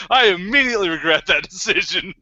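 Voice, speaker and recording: High, lively man telling stories, laughing. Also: moderate pace, no echo. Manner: laughing, swearing, acting out quotes. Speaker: podcast co-host. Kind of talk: casual drunk storytelling chat. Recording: muffled lo-fi podcast mic.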